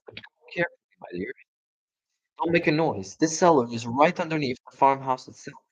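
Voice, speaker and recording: A man voicing a clever grown male fox in a storybook, speaking in a hushed, savoring way. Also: on the high side, a little fast, close to an everyday voice. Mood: cautious.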